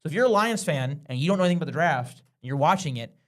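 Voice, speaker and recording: Host, man, slightly high voice, opinionated, casual draft commentary. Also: animated, rapid-fire. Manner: opinionated, talks over others. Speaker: podcast host. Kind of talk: casual sports chat.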